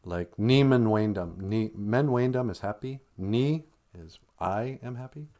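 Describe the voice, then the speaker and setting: A man's voice: lowish voice, expressive, unhurried, darkish tone. A man from Minnesota with an Upper Midwest accent, hosting a casual livestream, chuckling and teaching words while reading viewer comments aloud. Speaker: livestream host teaching Ojibwe. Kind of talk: casual livestream chat and language lesson.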